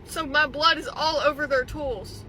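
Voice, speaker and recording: A woman's voice: high-pitched, fairly even intonation, pushed and bright, slight background noise, poor audio. Upset young woman venting in a car. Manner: upset, indignant, fast filler-heavy talk. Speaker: TikTok poster recounting a salon visit. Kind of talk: venting selfie video.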